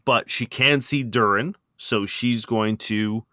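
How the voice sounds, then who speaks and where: A man narrating a tabletop game as game master, quick and lively, laughing now and then. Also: medium pitch, dry recording, studio quality.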